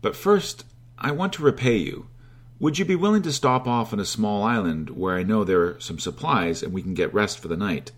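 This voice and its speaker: A man's voice: fairly low pitch, lively intonation, normal speed. A man voicing a wry older sea-woman. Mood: reassuring. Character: older Phoenician woman, calm, wry, commanding.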